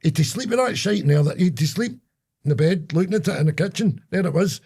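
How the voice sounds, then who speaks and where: A man's voice: high-pitched, animated, fast, a little mellow, slightly rough. An older man with a Scottish accent, co-hosting a casual comedy podcast and telling crude stories with relish. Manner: bawdy, storytelling, crude jokes. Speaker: podcast co-host.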